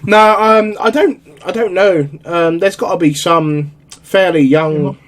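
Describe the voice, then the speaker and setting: A man's voice: high voice, slow pace. A young man with an easygoing, agreeable manner, chatting casually about football over a video call. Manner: easygoing, agreeable, laughs often. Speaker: football podcast co-host.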